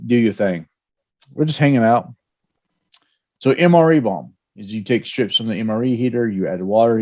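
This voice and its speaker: A man co-hosting a veterans' podcast, telling old army stories in a casual, animated way. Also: on the low side. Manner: storytelling, animated, with laughs. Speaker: podcast co-host.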